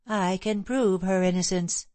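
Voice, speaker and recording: A woman's voice: medium pitch, steady tone, unhurried, mellow, dry recording, close to an everyday voice. A woman voicing a scheming, possessive young woman in love, speaking intensely in an audiobook reading. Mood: pressing.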